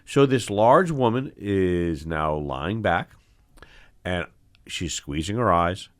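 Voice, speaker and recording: A middle-aged man, an eye doctor hosting the show, telling stories from his training in an animated, expressive way that acts out the scenes. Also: low-pitched, slow pace. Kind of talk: storytelling in casual conversation.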